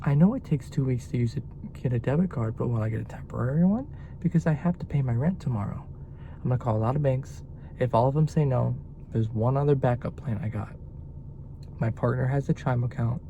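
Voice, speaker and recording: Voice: medium pitch, brisk, muffled recording, a little hiss or hum. A young adult delivery-driver vlogger ranting in a casual, exasperated, profane way. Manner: animated, exasperated, swears a lot. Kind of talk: casual vlog rant.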